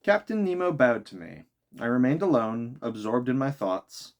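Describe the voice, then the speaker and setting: A man's voice: medium pitch, very animated, normal speed. A man reading a classic novel aloud as an audiobook, sometimes breaking off for chatty asides to viewers. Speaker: audiobook reader.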